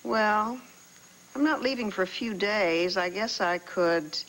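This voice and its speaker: A woman's voice: mid-range voice, takes it slowly, a bit bright, rough recording. An actress playing a polite, evasive woman who hedges with many fillers, in 1980s soap opera style. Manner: hesitant, hedging with fillers.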